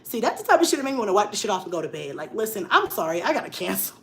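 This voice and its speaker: A young woman vlogger telling a story in casual chat, laughing often and swinging between loud bursts and hushed asides. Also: mid-range voice, very animated, rapid-fire.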